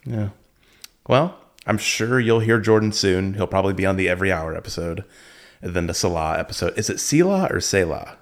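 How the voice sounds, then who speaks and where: A man's voice: low-pitched, steady tone, fairly quick. A man hosting a casual podcast chat, joking and teasing his guest. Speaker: podcast host.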